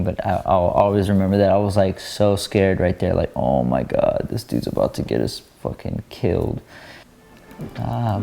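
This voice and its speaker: A pro skateboarder giving relaxed commentary over his video footage, rambling into stories with plenty of fillers. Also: fairly low pitch, creaky.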